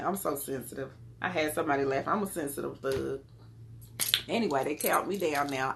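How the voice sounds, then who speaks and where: A woman's voice: fairly low pitch, steady tone, moderate pace, gravelly, a bit bright, slight background noise. A woman giving an oracle card reading to her viewers, casual and affectionate, calling them beloved and urging them on. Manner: casual and chatty with spiritual talk. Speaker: spiritual card reader.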